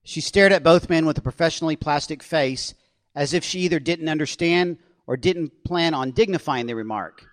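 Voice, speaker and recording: A man with a fairly high voice reads from his own suspense novel, telling it steadily and expressively. The sound is dry and close-miked, with no room echo. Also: moderate pace. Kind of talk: author reading his novel aloud.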